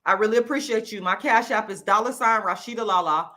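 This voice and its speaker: A woman from Florida, hosting her own channel and ranting angrily into the camera with loud, profane, repetitive emphasis. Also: mid-range voice, fast talker, few pauses. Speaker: YouTube channel host. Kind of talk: angry direct-to-camera rant.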